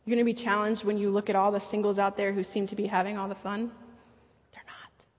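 Husky woman preaching in an echoey hall. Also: mid-range voice, little pitch movement, quick pace. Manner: earnest and personal, with playful asides. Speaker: church speaker. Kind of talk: sermon.

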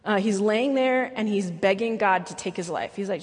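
A woman's voice: mid-range voice, normal speed, slightly rough, big-room sound. A woman speaking at a church and preaching a sermon, earnest and personal, with playful asides.

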